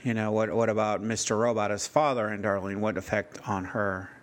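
Man musing aloud in halting questions. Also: lowish voice, little pitch movement. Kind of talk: casual TV discussion podcast.

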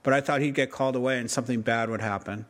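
A man's voice: mid-range voice, steady tone, racing, a bit bright. Wry man rambling in casual chat. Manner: wry, joking, rambling with many restarts. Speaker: podcast co-host.

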